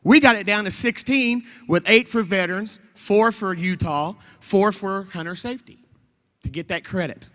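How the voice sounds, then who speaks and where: A high-pitched man delivers a fervent, emotional rally speech, his voice carrying a long hall-like reverb. The sound is dull and lo-fi. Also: moderate pace. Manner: fervent, emotional, shouting over the crowd. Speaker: state representative. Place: outdoor rally, large reverberant space.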